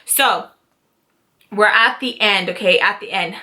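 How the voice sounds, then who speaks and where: Bright, animated young woman telling a story. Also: mid-range voice, a little slow. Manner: animated, dramatic retelling with profanity and acted-out quotes. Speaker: YouTube storyteller, mother. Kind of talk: casual storytime vlog.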